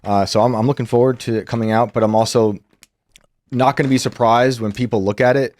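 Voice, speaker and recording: A man's voice: medium pitch, steady tone, brisk, a little mellow. A man on a podcast panel, giving rambling opinions in casual discussion. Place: podcast studio.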